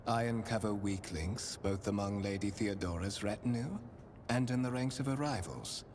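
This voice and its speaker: An actor playing a courtly, calculating male spymaster in a video game, speaking with formal, measured and faintly menacing courtesy. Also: fairly low pitch, background noise, lightly acted. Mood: grave. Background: game music.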